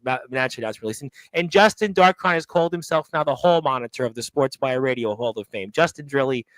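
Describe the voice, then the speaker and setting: High-voiced Brooklyn man hosting a chat show. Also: brisk, a bit bright, no room sound, poor audio. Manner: reads chat comments aloud, jokey. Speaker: host. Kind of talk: casual live-stream chat.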